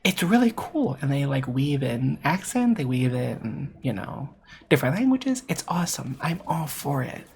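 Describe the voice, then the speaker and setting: A gravelly voice with a lively pitch that rises and falls a lot, delivering an opinionated game critique at a desk mic. The speaker leans on repetition for emphasis and stumbles into quick self-corrections. Faint noise sits underneath. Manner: emphatic, repeats points for stress; self-correcting, with filler words. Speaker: VTuber game commentator.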